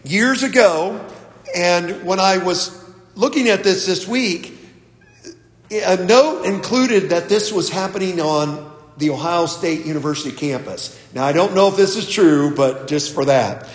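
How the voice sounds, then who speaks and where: A man preaching a sermon as pastor, telling a story slowly with some fillers and restarts. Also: high voice, lively intonation, echoey room, big-room sound.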